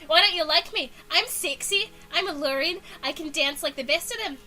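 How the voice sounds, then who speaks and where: A woman's voice: sits high, normal speed, music in the background, lightly acted. A woman voicing a vain, pushy young woman dancer in a half-joking mock New Zealand accent. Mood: pleading.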